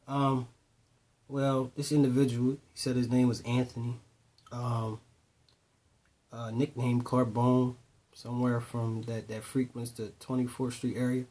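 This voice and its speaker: Brief: man, mid-pitched voice, conversational storyteller, voices the other people in his stories. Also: little pitch movement, moderate pace, mellow. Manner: conversational, retells dialogue in voices, repeats "boom". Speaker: storyteller addressing youth. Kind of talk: casual spoken storytelling.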